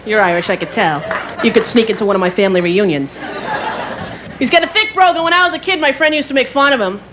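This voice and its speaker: A woman with a fairly high voice and a fast delivery performs brash, profane, self-mocking stand-up for a live audience. The stage recording carries crowd laughter and noise.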